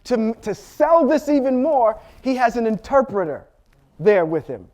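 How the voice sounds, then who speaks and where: A man teaching a Bible lesson, telling the story with animated delivery and acting out the characters' lines. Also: very high-pitched, unhurried. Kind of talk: sermon teaching.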